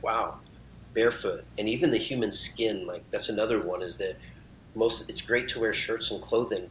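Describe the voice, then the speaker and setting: An earnest man with a lowish voice talks in an effusive, reflective way during a relaxed podcast chat. A faint rumble hums beneath his voice. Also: low-quality recording. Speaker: podcast guest, uncle of host. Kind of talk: casual conversation.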